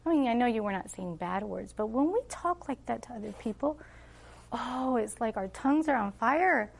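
Animated storytelling mother, high voice. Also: normal speed, gravelly. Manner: animated, acts out dialogue with her children. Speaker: homeschooling mother giving a talk. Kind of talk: casual storytelling talk.

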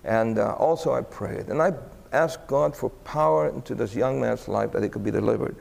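Preaching a sermon, a man tells stories and his voice climbs sharply when he acts out the people in them, rising animatedly for quoted exclamations. His mid-range voice is gravelly and moves at normal speed, and the sound is that of a big room.

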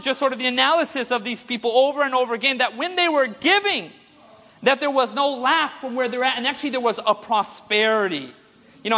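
A man preacher telling stories in a sermon and calling for amens from the congregation. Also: very high-pitched. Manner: storytelling, animated, asks audience for amens. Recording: long hall reverb.

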